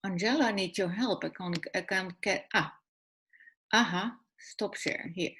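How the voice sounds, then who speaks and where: A woman's voice: mid-range voice, moderate pace, a bit bright, slightly rough. A woman hosting an online panel webinar, speaking hesitantly with many fillers and restarts. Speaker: webinar host.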